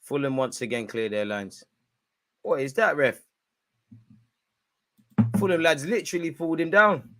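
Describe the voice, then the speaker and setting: A young man hosting a football watch-along, commenting live and shouting at the referee. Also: a little slow, long pauses, faint music behind. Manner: animated, shouts at the referee, spikes in pitch and volume.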